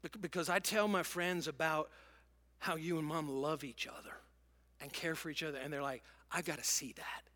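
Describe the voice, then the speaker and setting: A man's voice: a little high, fairly even intonation, moderate pace. A middle-aged male pastor preaching a sermon in an earnest way, often repeating words and restarting. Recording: music playing softly behind.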